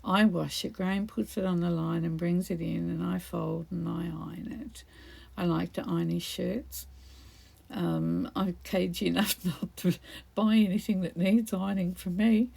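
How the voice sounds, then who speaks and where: Gravelly-voiced chatty woman. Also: lowish voice, fairly even intonation, moderate pace, dark tone. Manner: chatty, rambling, laughs often. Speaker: craft video host. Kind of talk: casual crafting chat.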